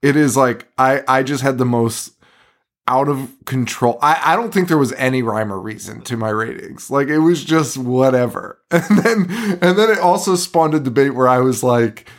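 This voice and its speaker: Tired, swearing podcast host. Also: male voice, medium pitch, moderate pace. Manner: profane, rambling, laughs often. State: tired, yawning. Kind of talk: casual chat.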